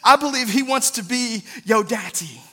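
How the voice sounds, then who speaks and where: A man's voice: extremely high pitch, lively intonation, normal speed, pushed and bright. A man in his thirties preaching a sermon in an earnest, conversational way, often adding "right?" asides. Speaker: pastor.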